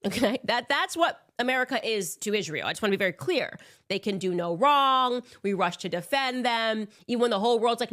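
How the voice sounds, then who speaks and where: A woman delivering opinionated political commentary in a sarcastic, animated way. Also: fairly high pitch, a little fast. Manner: sarcastic, animated, mocks with put-on voices.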